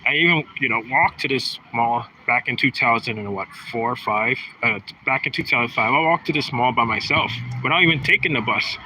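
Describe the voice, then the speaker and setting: A man's voice: mid-range voice, a little fast, few pauses, pushed and bright, slight background noise, low-quality recording. A man in his thirties talking in a rambling, aggrieved monologue, often restarting his sentences. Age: 30s. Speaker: vlogger. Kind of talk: casual monologue.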